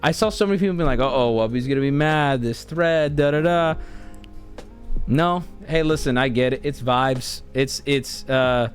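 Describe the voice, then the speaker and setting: A man's voice: mid-range voice, moderate pace, soft background music. Laid-back American man rambling on stream. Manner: rambling, laid-back, often restarts and laughs mid-sentence. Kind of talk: casual stream chat.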